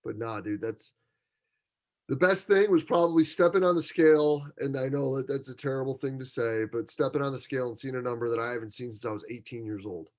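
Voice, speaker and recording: A man hosts a casual podcast in an upbeat, slangy way. His voice sits at an average pitch. He is enthusiastic and friendly in tone, full of casual phrases. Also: fairly quick, a little mellow. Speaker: podcast host.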